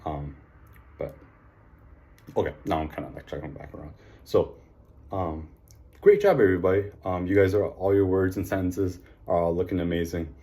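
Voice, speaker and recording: A man teaching a phonics lesson, encouraging the class and slowly sounding out letters, with frequent ums and likes. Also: low-pitched, fairly even intonation, dark tone. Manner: frequent fillers like um and like.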